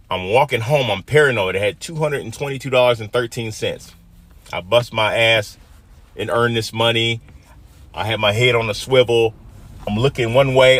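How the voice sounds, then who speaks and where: A man from Michigan in his fifties tells a personal story aloud in a plain-spoken, emphatic way that swings from quiet to loud. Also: medium pitch. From Michigan, USA.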